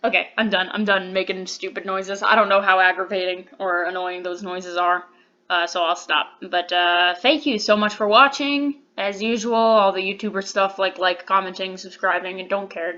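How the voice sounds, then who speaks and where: A woman's voice: medium pitch, fairly even intonation, normal speed, fairly bright tone, lo-fi sound. A woman playing a visual novel who reads its text aloud and reacts with blunt, swear-heavy, teary commentary. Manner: emotional, swears a lot, blunt. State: teary after crying. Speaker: let's play gamer. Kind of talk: casual gameplay commentary, reading game text aloud.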